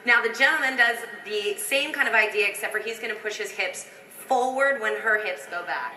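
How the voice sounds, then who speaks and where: A woman choreographer leads a dance lesson, calling counts in rhythm and cheering the dancers on. Her voice is bright and forceful. It rings through a roomy studio with a long reverb tail. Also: on the high side, moderate pace, far from the mic. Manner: upbeat, counts out steps in rhythm, coaching dancers. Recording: echoey room with long reverb.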